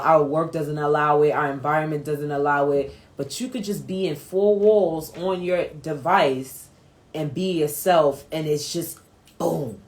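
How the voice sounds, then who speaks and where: A woman hosting a casual live-stream chat from home on her phone, talking in a streetwise way and swearing freely. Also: low voice. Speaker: host.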